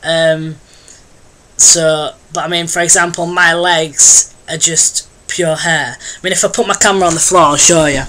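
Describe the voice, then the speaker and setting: Young guy doing a casual vlog update, kinda high bright voice, lots of ums and restarts. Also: fairly even intonation, normal speed. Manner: rambling, hesitant, many ums and restarts. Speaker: vlogger. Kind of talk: casual video diary update.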